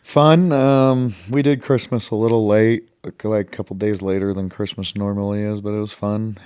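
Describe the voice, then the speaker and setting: A laid-back man co-hosting a casual podcast, self-deprecating as he asks questions. His voice sits a little low and sounds smooth and clear, recorded dry and close. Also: steady tone, normal speed, a little mellow, dry recording. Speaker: podcast co-host. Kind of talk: casual chat.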